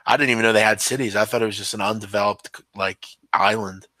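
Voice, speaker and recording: A man hosts a podcast, talking casually to viewers in a live stream; his answers ramble and stall with ums and restarts. The recording is dry, and his fairly low voice is bright and forceful, steady in tone, at a quick pace.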